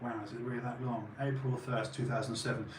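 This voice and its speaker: A man's voice: mid-range voice, flat delivery, fast talker, recorded from a distance. Rambling man, echoey room. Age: 40s. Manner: emphatic and rambling. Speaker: channel host. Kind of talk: casual opinion monologue. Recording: roomy echo, voice off-mic, faint background hum.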